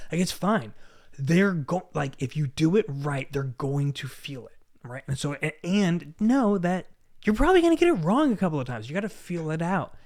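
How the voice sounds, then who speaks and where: A young adult man hosting a casual motivational talk, animated and excitable, often breaking into laughter. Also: on the high side. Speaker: host.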